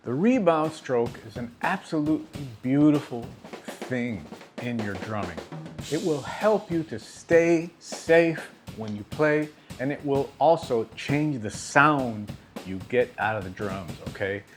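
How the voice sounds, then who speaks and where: A man patiently explains drum technique to his students, checking in with frequent "okay?"s during the demonstration. He talks a little slowly in an expressive, medium-pitched voice, with faint music playing behind him.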